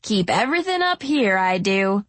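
A woman voicing a cunning older homeless woman in an audiobook, who talks in a slow, husky, chiding drawl. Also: medium pitch, very animated, a bit bright, no room sound. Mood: wheedling. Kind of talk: audiobook narration.

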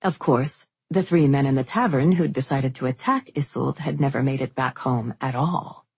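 A woman narrating a fantasy novel as an audiobook, in steady, unhurried storytelling. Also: extremely low pitch, gravelly, breathy edge, dry recording.

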